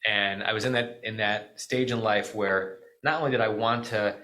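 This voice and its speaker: Bright-voiced American rabbi teaching. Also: male voice, fairly low pitch, steady tone, moderate pace, rough recording. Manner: conversational, frequent "right?" asides and self-corrections. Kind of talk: Shabbat teaching.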